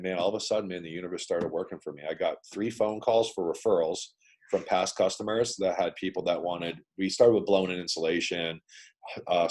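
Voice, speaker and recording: A low-pitched man speaks over a video call, telling his own story with casual bluntness. He swears freely and keeps tossing in "man" and "dude" as he talks. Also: darkish tone. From Canada. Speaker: guest entrepreneur.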